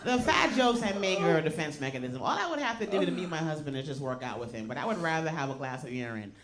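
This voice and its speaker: A woman's voice: low voice, animated, quick pace, very noisy. Woman comic doing a raunchy bit onstage, blunt and punchy, crowd roaring behind her. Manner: brash, blunt, punchy delivery. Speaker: stand-up comedian. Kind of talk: raunchy stand-up routine. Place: comedy club stage. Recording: club recording with loud audience laughter.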